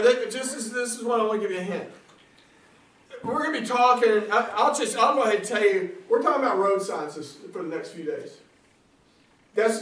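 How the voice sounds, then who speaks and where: A man from South Carolina with a Southern accent preaching, telling funny stories with laughs and loud bursts. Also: high-pitched. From South Carolina, USA. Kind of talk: comic storytelling sermon. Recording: echoey hall from far off.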